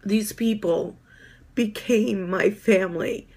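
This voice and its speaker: Slow, halting woman in her fifties. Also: medium pitch, darkish tone. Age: 50s. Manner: halting, many filler ums, heartfelt. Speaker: fitness coach. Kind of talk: personal testimonial.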